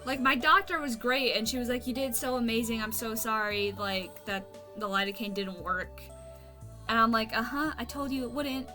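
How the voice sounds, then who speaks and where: Woman streamer, bright and blunt. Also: fairly high pitch, normal speed, faint music behind. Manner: venting, blunt and profane. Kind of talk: casual chat while gaming.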